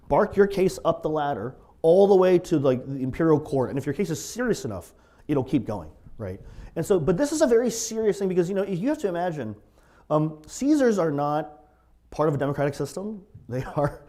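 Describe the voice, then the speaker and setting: Guy preaching, chatty storyteller vibe, pitch bouncing all over, kinda high. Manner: conversational, animated storytelling with asides. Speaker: pastor. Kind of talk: sermon.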